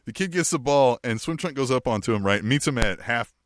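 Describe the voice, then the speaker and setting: A man's voice: mid-range voice, a little fast, no room sound, studio quality. A man, co-hosting a podcast in casual chat, telling stories with lots of swearing. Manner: animated storyteller, swears freely. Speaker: podcast co-host.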